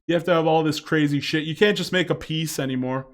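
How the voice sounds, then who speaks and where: Rambling man with a higher voice. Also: quick pace. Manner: rambling, filler-heavy, chuckling asides. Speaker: video commentator. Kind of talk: casual commentary vlog.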